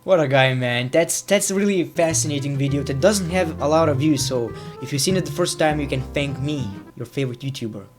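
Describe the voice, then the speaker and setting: Man, youtube commentator, chatty and excitable, slightly high voice, faint music behind. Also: brisk, hardly any pauses. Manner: excitable, rambling, laughs at clips. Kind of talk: casual reaction commentary.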